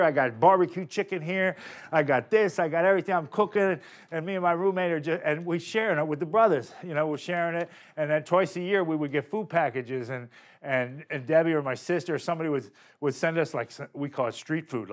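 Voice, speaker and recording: A middle-aged man spins a personal story with a lively, animated delivery. His voice sits a little high for a man. He laughs often and throws himself into acting out his own shouts. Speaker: storyteller recounting prison life.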